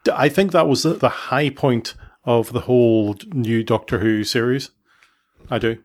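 A man's voice: medium pitch, unhurried. A middle-aged man, hosting a casual family podcast, chatty and full of questions. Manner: chatty, asks questions, restarts sentences. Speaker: podcast host.

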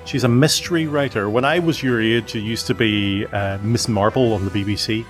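A man's voice: on the low side, moderate pace, music in the background. A middle-aged man, hosting a casual family podcast, chatty and full of questions. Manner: chatty, asks questions, restarts sentences. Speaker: podcast host.

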